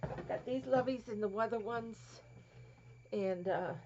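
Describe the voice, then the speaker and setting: Woman, gravelly voice, cooing crafting vlogger, dull lo-fi recording with faint hiss. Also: a little high, unhurried. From Florida. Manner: cooing over small toys, drops to whispers. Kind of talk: casual show-and-tell vlog.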